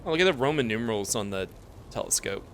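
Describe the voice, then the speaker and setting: A man's voice: mid-range voice, lively intonation, fast talker, a bit bright, slight background noise. A man streaming a video game live, chatting casually, easily distracted, reacting to what is on screen.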